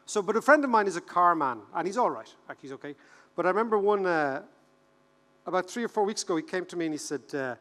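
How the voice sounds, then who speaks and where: Animated Irish man in a big hall. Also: high-pitched, fast talker. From Ireland. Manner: animated, joking, repeats words for rhythm. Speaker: keynote speaker. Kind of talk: humorous conference keynote. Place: large conference hall. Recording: reverberant conference hall.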